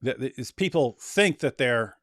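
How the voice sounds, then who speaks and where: Casual male co-host, loose and chatty, mid-pitched, dry close mic, now and then a mocking put-on voice. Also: animated, normal speed, a bit bright, dry recording. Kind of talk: casual political chat.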